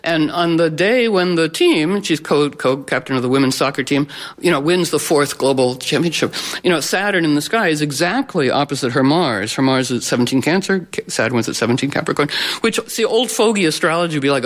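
Astrologer, male, a touch high-pitched; rambly, playful, restarts a lot, talking loosely to a live room. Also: brisk, a bit bright. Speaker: astrologer giving a talk. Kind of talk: informal talk to a live audience.

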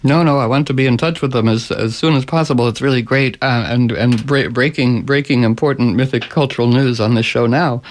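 Rambling, animated radio host, man. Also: mid-range voice, brisk, hardly any pauses, slight background noise. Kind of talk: casual chat.

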